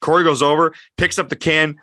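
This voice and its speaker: A man's voice: a little high, little pitch movement, a little fast, bright, forceful tone, no room sound, clean studio sound. A man with a Michigan accent hosting a podcast, rambling casually through stories and laughing at his own punchlines. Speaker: podcast host.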